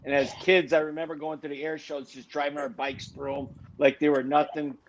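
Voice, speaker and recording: A man's voice: a little high, flat delivery, a little fast. Massachusetts-accented man on a muffled call. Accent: Western Massachusetts. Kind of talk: casual chat. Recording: muffled lo-fi online call, crowd behind.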